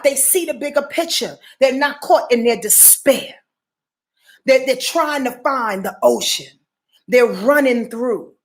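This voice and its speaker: Emphatic high-voiced woman astrologer. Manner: preachy, emphatic, swears freely, slangy with "y'all"; repeats and restarts words, many filler sounds. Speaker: astrology show host. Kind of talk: live-stream astrology talk, reading viewer messages.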